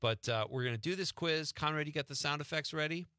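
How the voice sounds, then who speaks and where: A man's voice: a little high, quick pace, noisy background. A man hosting a radio show, joking and laughing as he runs a quiz with his guest. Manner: playful, laughs often, quizzes his guest. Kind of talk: casual radio chat.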